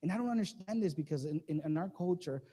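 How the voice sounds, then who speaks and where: A man's voice: fairly high pitch, expressive, fast talker, dark tone. A male pastor preaching a casual, joking sermon, laughing often and acting out the people he quotes. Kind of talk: conversational sermon. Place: church sanctuary. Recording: live service in a reverberant hall.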